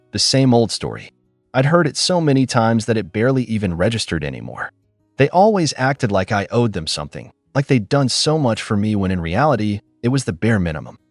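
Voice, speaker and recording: A man narrating a dramatic first-person story in a scripted, animated storytelling manner. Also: mid-range voice, dry recording.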